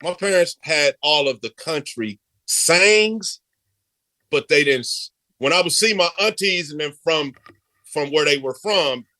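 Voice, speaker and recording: A man co-hosting a casual sports debate show, animated and quick to laugh, firing off provocative questions. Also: a little high, dry recording. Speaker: co-host.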